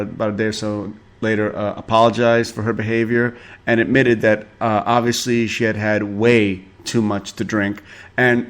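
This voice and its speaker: Male podcast host, casual gossip commentary, sarcastic, swears freely, chuckles a lot. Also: mid-range voice. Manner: sarcastic, profane, chuckling often.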